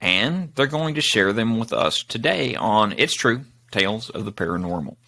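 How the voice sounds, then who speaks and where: A man hosting an interview show, friendly and relaxed, with some filler words. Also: fairly low pitch, moderate pace, vocal fry. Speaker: podcast host. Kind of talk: casual interview.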